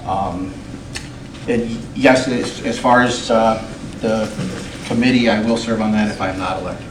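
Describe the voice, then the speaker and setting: A man running for highway superintendent, answering in a plain, direct way. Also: steady tone, unhurried. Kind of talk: unscripted forum answer. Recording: roomy hall, far from mic, noisy.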